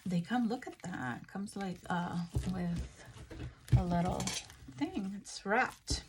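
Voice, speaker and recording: A craft channel host from Puerto Rico chats casually while unwrapping and reading out items from a craft haul. Her voice is medium-pitched and slow, with a noisy background.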